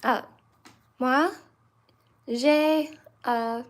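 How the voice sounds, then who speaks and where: A woman in her twenties hosting a livestream, chatting with viewers and answering them with many pauses and fillers. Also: high-pitched, steady tone. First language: English. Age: 20s. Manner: hesitant, many fillers and restarts. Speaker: livestream host.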